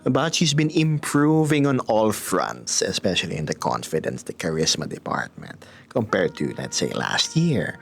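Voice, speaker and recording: A man casually chatting on a live stream, reading viewer comments aloud, playful and quick to laugh. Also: low voice, huge pitch swings, vocal fry. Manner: playful, laughs often, reads chat aloud.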